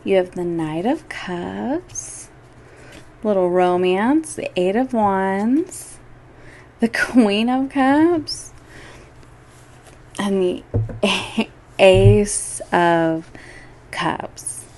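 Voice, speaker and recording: A woman's voice: mid-range voice, expressive, extremely slow, pauses often, a little mellow, a little hiss or hum. A woman giving a casual monthly tarot reading. She talks to the listener directly and fills her speech with "like" and "you know". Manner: chatty, filler-heavy, addresses the listener directly. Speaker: tarot reader.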